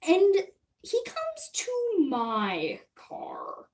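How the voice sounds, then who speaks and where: A young adult woman livestreamer telling a story to her chat in a rambling, chatty way, full of quick asides. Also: very high-pitched, wildly swooping pitch, a little mellow. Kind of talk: casual storytelling to live chat. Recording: voice a bit distant from the mic.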